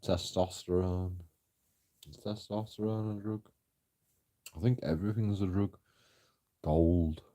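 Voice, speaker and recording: Slow, deep-voiced man telling a story. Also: steady tone, dark tone. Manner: chuckles often, swears freely, rambling and mocking. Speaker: channel host. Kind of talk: casual storytelling vlog.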